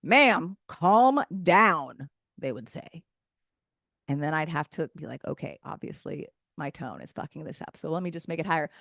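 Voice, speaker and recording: Brash loud woman doing stand-up. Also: sits low, animated, normal speed, creaky, dry recording, clean studio sound. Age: 30s. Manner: loud, brash, opinionated delivery. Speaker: stand-up comedian. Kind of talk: stand-up set. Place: event stage.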